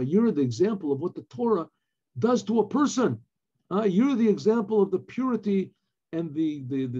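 A man, a rabbi, teaching a Torah lesson, reading Hebrew phrases and explaining them in English with animated emphasis. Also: fairly high pitch, slightly rough, highs cut off.

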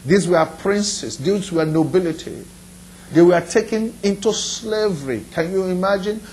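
A man's voice: sits high, a little slow, a little mellow, slight background noise, low-quality recording. A man pastor preaching a sermon in an earnest, repetitive style, putting direct questions to his listeners.

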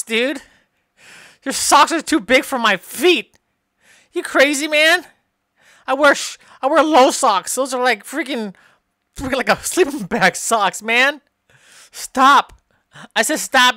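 Slow-talking exasperated woman gamer. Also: high voice, sharp tone, no room sound, studio quality. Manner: exasperated, keeps tacking on "man" and "bro". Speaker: gameplay commentator. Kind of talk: comedic improvised gameplay commentary.

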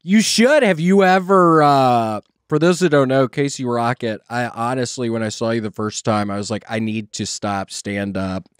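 A man's voice: mid-range voice, moderate pace, hardly any pauses, clear, resonant tone, no room sound, studio quality. A man hosting a podcast, chatting casually and asking playful, prodding questions. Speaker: podcast host.

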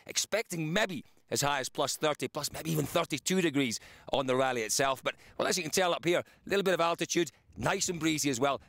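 A male rally reporter talking to camera outdoors on a high mountain gravel stage, lively and chatty, out of breath. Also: fast talker, no room sound. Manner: lively, chatty, points things out. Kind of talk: on-location piece to camera.

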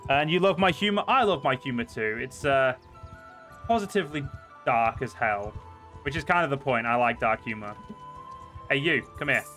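A man's voice: medium pitch, animated, moderate pace, pauses often, soft background music. Swearing male game streamer. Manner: swears often, with sudden loud outbursts. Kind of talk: casual gameplay commentary. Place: home, seated at a desk.

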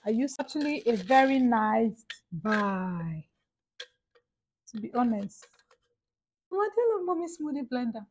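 Nigerian woman, young, gushing and excitable, higher voice, unhurried talk, casual unboxing vlog. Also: slight background noise, poor audio. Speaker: vlogger.

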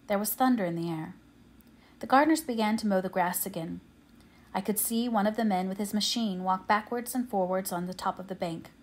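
A woman narrating an audiobook in a measured, quiet, steady way. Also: medium pitch. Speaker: audiobook reader.

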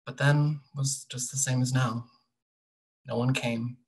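A young author reads from their own novel in a quiet, measured way. The voice is husky and breathy, sitting at a middle pitch. Sentence endings often fall away softly. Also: fairly even intonation, rough recording. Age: young adult. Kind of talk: literary reading of a novel excerpt.

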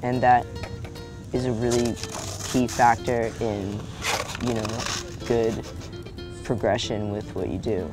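A man's voice: medium pitch, level tone, takes it slowly, pauses often, music in the background. A man speaking thoughtfully in a laid-back way in a documentary interview.

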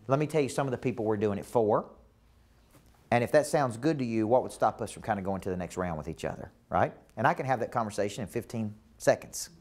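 A man with a Southern US accent teaching a live coaching seminar, emphatic and repetitive, often checking that the room follows him. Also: mid-range voice. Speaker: business coach.

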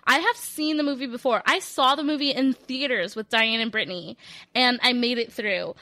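A woman, co-hosting a casual podcast, chatty and giggly in quick bursts. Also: fairly high pitch, bright, forceful tone. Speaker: podcast co-host.

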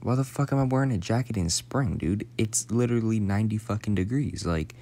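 A man's voice: lowish voice, fairly quick, dark tone. A young man in his late teens telling a rambling, profane story in a casual, slangy way, sometimes dropping to a whisper.

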